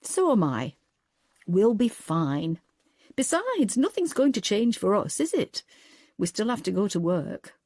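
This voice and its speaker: A woman's voice: mid-range voice, very animated, measured pace, warm tone, no echo. A woman voicing a caring woman friend who talks in a light, upbeat and reassuring way.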